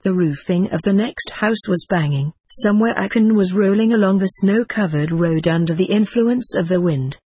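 A man reading a storybook aloud as narrator, in a measured, gently expressive way. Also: high voice, slightly rough, no room sound.

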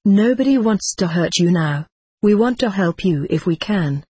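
A woman reading an old text aloud in a plain, steady voice, even speaking the punctuation and section numbers. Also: medium pitch, normal speed, husky, no echo. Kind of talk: audiobook reading.

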